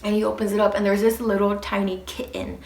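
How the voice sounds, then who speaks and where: A young woman vlogger telling a casual storytime, animated and swearing freely as she acts out what people said. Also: medium pitch, fast talker, reverberant.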